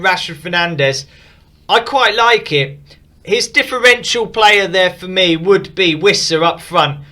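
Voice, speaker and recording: High, bright-voiced man reviewing teams. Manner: frank, opinionated, upbeat. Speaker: fantasy football team reviewer. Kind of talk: casual commentary.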